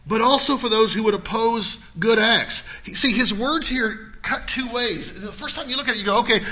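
A male pastor preaching a sermon in a church, swinging from loud to hushed. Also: high-pitched.

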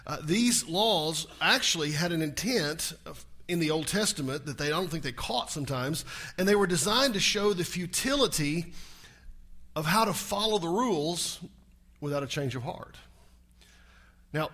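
A man preaching a sermon to his congregation, swinging between loud, emphatic passages and quiet asides, and leading them in reciting scripture. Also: on the high side, animated, moderate pace. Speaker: pastor. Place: church service.

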